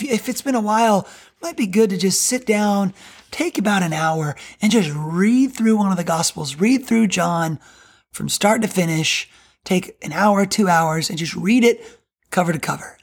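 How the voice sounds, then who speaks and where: A woman giving earnest, emphatic Bible teaching on a podcast, slowing down to read scripture aloud. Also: medium pitch, expressive, breathy edge.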